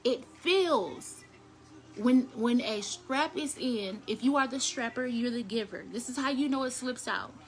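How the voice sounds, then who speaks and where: A young adult woman telling a blunt, crude story to her viewers in a casual, animated way. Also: fairly high pitch, measured pace. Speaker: storyteller vlogger.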